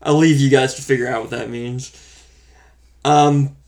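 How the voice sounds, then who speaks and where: A man co-hosting a casual movie review chat, relaxed and wry as he counts off his points. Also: medium pitch, unhurried, creaky. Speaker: podcast co-host reviewing a film.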